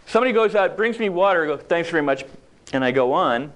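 A man's voice: high voice, animated, racing, fairly bright tone. A man giving a humorous motivational talk in a conversational, joking way, acting out little quoted exchanges. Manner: conversational, jokey, acts out quoted lines.

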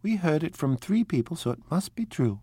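A man's voice: on the high side, big pitch swings, a little fast, dark tone, husky, dry recording, voice pushed up, exaggerated voice. A man voicing a charming, flighty young society woman in a storybook reading, with a breathless, gushing manner.

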